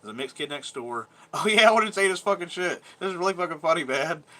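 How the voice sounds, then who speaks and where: Talking fast with lively intonation, this Georgia man in his thirties spins a meandering, foul-mouthed tale from his youth on his casual vlog, occasionally laughing. His voice is fairly high, pushed, and bright.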